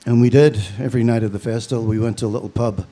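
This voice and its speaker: A man's voice: medium pitch, fairly even intonation, racing, dark tone. Northern Irish man telling a eulogy story. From Belfast, Northern Ireland. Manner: storytelling with dry humor. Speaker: funeral speaker.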